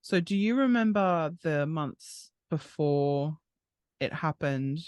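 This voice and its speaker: A man with a slightly higher voice interviews a guest, asking questions and reassuring her gently. The sound is dry, with no room around it. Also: expressive, takes it slowly, clear, resonant tone, no room sound. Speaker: interviewer, true crime host.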